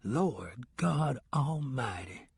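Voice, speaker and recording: A man voicing a nervous male prisoner with a deep Southern accent, talking in a hushed whisper. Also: expressive, measured pace, breathy edge, no echo, clean studio sound, full character voice. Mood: uneasy whisper.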